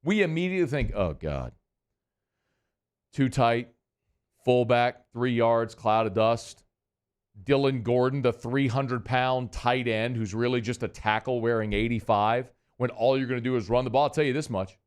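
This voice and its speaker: A man's voice: medium pitch, moderate pace, clean tone. Middle-aged guy doing a sports radio monologue, folksy and chatty, talks right to the listeners, mid-range voice.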